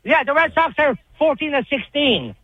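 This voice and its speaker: A man's voice: very high-pitched, lively intonation, moderate pace, no echo, narrow, tinny audio. A man calling into a talk radio show, trading insults and needling another caller in a heated, combative way. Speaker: regular caller. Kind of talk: heated call-in banter.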